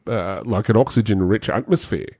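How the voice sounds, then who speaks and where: A man hosting a tabletop game podcast in casual chat, animated and jumping high in pitch for jokes. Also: fairly quick, husky, dry recording. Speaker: game master podcast host.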